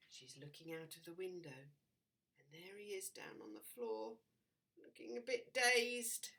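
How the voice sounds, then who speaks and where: A woman teacher reading a picture book aloud to children, expressive and slow, pointing out the pictures. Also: lowish voice, distant mic.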